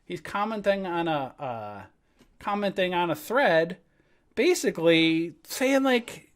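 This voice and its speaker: A man venting on a live trading stream, his pitch swinging up and down as he swears and laughs through his frustration. He talks at a desk mic from home and then settles into reading charts. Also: expressive, slow pace. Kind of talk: ranting live-stream chat.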